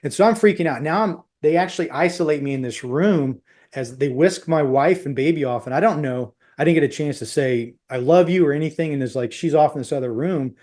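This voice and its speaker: A middle-aged man recounting a hard night as a podcast guest, his voice sitting a bit higher than most men's. He talks in rushing, broken phrases and slips into the voices of the people he quotes. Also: darkish tone. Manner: intense, tumbling retelling with quoted dialogue. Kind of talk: personal storytelling.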